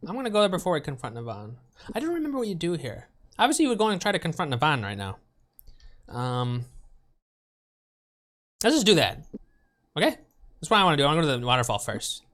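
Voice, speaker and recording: A man's voice: medium pitch, fairly bright tone. A man streaming a retro game, thinking aloud in a rambling, unsure way and asking his viewers questions. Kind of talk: casual let's play commentary.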